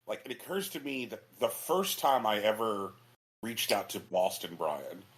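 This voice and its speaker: A man's voice: on the low side, expressive, moderate pace, fairly bright tone. A man co-hosting a podcast in casual chat, telling stories in a rambling way with many restarts and "um"s. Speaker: podcast co-host.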